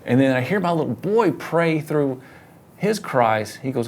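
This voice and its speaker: Middle-aged male pastor, average pitch, earnest and animated storyteller in a relaxed chat. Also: a little slow. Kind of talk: casual conversation about faith.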